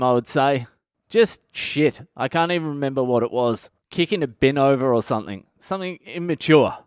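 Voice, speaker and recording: An Australian man in his thirties, a comedian telling wild personal stories in a profane, animated way. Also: mid-range voice, smooth, no room sound, clean studio sound. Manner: profane, animated, breaks into laughter. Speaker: comedian podcast host. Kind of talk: comic personal storytelling.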